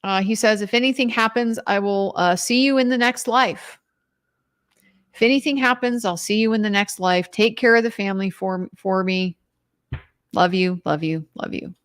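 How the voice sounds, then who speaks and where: A woman's voice: on the high side, fairly even intonation, normal speed, fairly bright tone, smooth. A young woman commenting on a trial in a casual recap, incredulous and emphatic, reading out quotes as she goes. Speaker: legal commentator.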